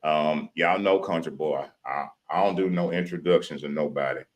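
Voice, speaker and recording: A man from Louisiana, hosting a live stream show in folksy country talk. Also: very deep voice. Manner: hyped chanting intro, drawn-out shouting. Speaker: podcast host.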